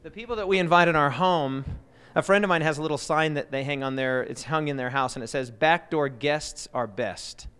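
A man teaching a Bible lesson to a live church group in a lively way, often quizzing his listeners. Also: fairly high pitch, quick pace, clear, resonant tone, long reverb tail.

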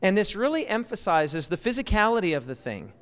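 A man teaching a Bible lesson to a live church group in a lively way, often quizzing his listeners. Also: high-pitched, brisk, big-room sound.

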